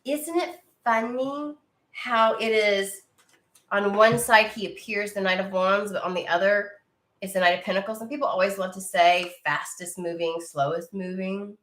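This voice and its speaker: Woman, tarot reader, casual and profane, mid-pitched, roomy echo. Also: fairly even intonation, moderate pace, fairly bright tone. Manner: blunt and profane, talks to viewer directly. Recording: echoey room.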